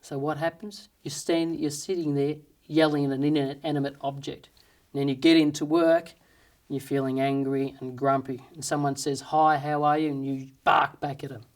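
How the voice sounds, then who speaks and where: A man's voice: medium pitch, flat delivery, normal speed. A man telling a fable and then drawing its moral in an earnest, plain-spoken way, with rhetorical questions. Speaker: storyteller and motivational speaker.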